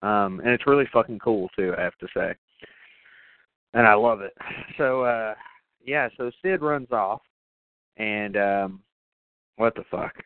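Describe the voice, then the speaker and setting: A man's voice: lowish voice, a little slow, pauses often, clear, resonant tone, dry recording. A man co-hosting a podcast, recapping a horror movie in casual, profane chat with lots of fillers and laughs. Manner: profane, rambling, laughs often. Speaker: podcast co-host. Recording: tinny phone-like, dry sound.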